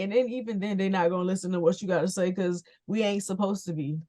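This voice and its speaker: A woman co-hosting a podcast in casual chat, lively and quick to laugh. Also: mid-range voice. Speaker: podcast co-host.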